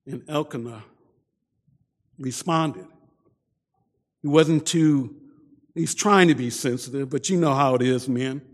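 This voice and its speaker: A man preaching a sermon, often repeating his first words and dropping to a soft voice for emphasis. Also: mid-range voice, takes it slowly, long pauses, long reverb tail. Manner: repeats words at starts, soft dramatic drops.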